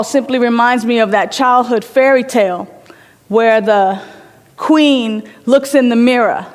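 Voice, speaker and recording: A woman's voice: a little high, slow, big-room sound. A woman giving an inspirational sermon in a reflective manner, telling stories and repeating phrases for emphasis. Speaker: inspirational speaker.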